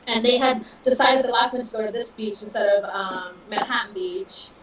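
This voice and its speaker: A woman in her thirties, a podcast guest, telling a personal story in an emotional, animated way with laughter. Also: medium pitch, a little fast. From Southern California. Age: 30s. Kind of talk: casual storytelling. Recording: dull, distant, roomy audio.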